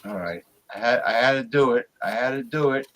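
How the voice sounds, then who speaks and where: A man hosting an online talk show, excitable, often exclaiming and repeating himself. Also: medium pitch, brisk, low-quality recording. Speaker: host. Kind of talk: casual call-in talk show banter.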